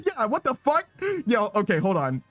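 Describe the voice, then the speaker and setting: A young man with a high, bouncy voice talks casually to his stream audience, reacting loudly and swearing freely. He is close to the mic with no room sound, and soft music plays behind him. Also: moderate pace, dry recording. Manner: animated, swearing, breaks into laughter. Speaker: streamer reading chat. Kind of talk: casual live-stream chat.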